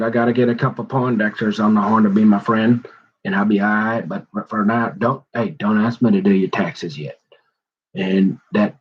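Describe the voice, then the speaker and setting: A man's voice: on the low side, husky, dull audio. A man talking in a loose, rambling monologue, colloquial and full of asides, recorded on a phone. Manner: rambling, colloquial, jumps between quoted voices.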